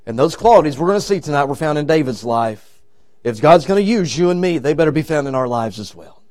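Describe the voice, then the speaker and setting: Man, high-pitched evangelist, revival sermon, dramatic volume swings, voices the story characters. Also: expressive, fast. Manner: swings from loud shouting to hushed low tones. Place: church sanctuary.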